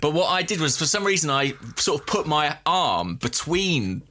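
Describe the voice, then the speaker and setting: A man's voice: on the high side, very animated, normal speed, sharp tone. A man co-hosting a football podcast, telling a long self-deprecating anecdote in casual chat. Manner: self-deprecating storyteller, laughs at own mishaps. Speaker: podcast co-host.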